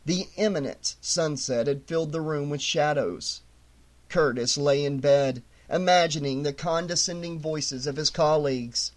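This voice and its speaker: Male audiobook narrator with a high voice for horror fiction; dramatic delivery with sudden outbursts. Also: a little slow. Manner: dramatic, first-person storytelling with shouted outbursts.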